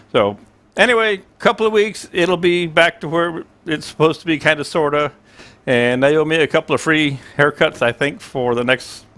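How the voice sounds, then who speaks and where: A man in his sixties chats loosely on a livestream from his small home studio, and his voice sits a little high for a man. He rambles through stories and plays out both sides of the conversation himself. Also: fairly bright tone. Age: 60s. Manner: rambling storyteller, acts out both sides of dialogue. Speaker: livestream host. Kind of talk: casual livestream chat.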